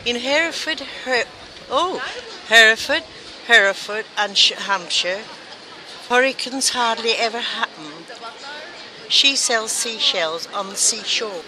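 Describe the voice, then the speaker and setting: Brief: woman from the Midlands, slow and deliberate, crowd chatter behind. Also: fairly high pitch, lively intonation. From English Midlands. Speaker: interviewee. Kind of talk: reading test phrases and opinions. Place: busy outdoor market. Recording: crowded noisy market outdoors.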